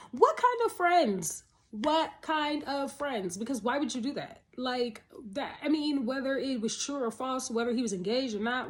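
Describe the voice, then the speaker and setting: A woman chatting through a TV episode recap, animated and talkative, laughing often and firing off rhetorical questions. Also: fairly high pitch. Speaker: TV episode reviewer. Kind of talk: casual spoken episode recap.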